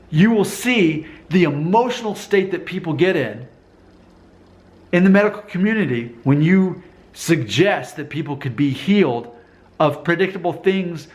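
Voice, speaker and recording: A man talking straight to camera in a casual vlog monologue, emphatic and insistent, often repeating his points. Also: a little high. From United States. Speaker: vlogger.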